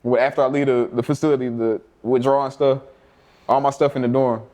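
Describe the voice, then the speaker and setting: A young man from Alabama, telling animated, profane stories with laughter in a casual interview. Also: medium pitch, quick pace. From Mobile, Alabama. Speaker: interview guest.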